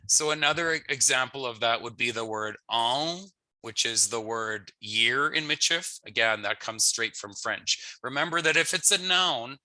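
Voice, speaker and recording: A man with a Canadian English accent teaching a pronunciation lesson in a relaxed, explanatory way, sometimes laughing at himself. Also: medium pitch, dry recording. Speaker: language teacher.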